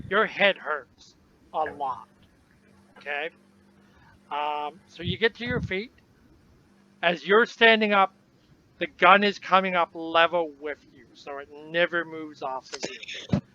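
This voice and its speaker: A man's voice: a little high, a little slow, pauses often. A man narrating as game master in a tabletop game, describing the scene casually with fillers, on a dull lo-fi recording with faint noise.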